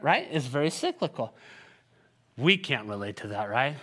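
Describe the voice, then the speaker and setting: Here a male pastor speaks at a moderate pace with a medium pitch, delivering an animated, joking sermon. Sarcastic asides mix with scripture readings as he leads the congregation.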